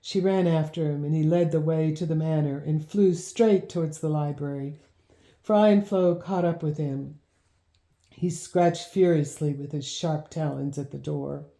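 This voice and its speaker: A woman narrating a children's storybook in a measured, gently expressive reading. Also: low voice. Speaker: audiobook narrator. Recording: roomy echo.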